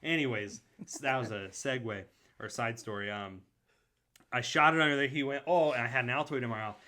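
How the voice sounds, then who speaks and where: A man's voice: mid-range voice, a little fast. A young man, a podcast co-host, telling a funny childhood story in casual chat and acting out the quotes. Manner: animated storyteller, acts out quotes. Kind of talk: casual storytelling among friends.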